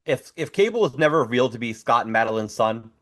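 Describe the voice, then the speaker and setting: A man's voice: medium pitch, animated, quick pace, fairly bright tone. A man chats on a comics podcast, mostly tossing in short, teasing lines. His delivery is casual and conversational. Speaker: podcast co-host.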